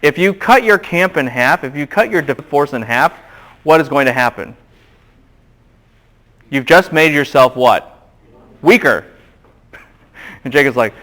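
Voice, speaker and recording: A man giving a classroom Bible lecture, animated and quizzing the students with questions. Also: on the high side, measured pace.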